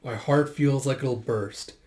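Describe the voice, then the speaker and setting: A man reading a quiet young dragon warrior. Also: medium pitch, slow, close to an everyday voice.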